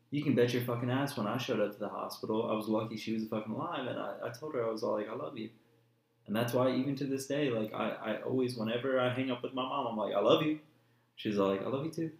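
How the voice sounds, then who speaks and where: A man's voice: medium pitch, fast talker. A young man telling a personal story in blunt, profane casual chat. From New Jersey. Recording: echoey room, faint noise.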